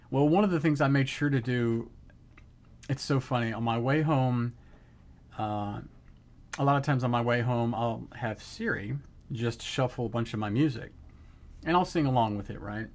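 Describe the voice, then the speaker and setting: Excited man telling a story on stream. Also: mid-range voice. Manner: excited storytelling, acting out quotes. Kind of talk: casual chat on a live stream.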